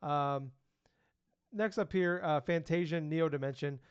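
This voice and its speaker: A man with a fairly high voice co-hosts a casual podcast, running through news items with plenty of ums and uhs. His voice sounds dull and lo-fi, very dry, with no room sound. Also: a little slow, smooth, dry recording. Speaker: podcast co-host.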